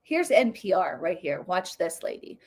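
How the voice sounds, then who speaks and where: A woman hosting a political commentary show, ranting in an animated, sarcastic way. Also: lowish voice, moderate pace. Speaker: host.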